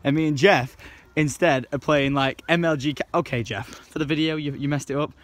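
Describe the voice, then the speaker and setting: A young man in his twenties vlogging a road trip, excitable and joking, with shouts now and then, filmed on a handheld camera. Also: on the high side, fairly quick. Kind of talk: casual travel vlog. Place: outdoors and in a campervan on a road trip. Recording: noisy road and vehicle background.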